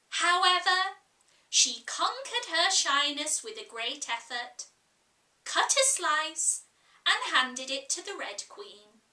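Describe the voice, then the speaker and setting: A woman reading a classic children's story aloud in a measured, expressive way. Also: high voice, distant mic. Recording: echoey room, voice off-mic.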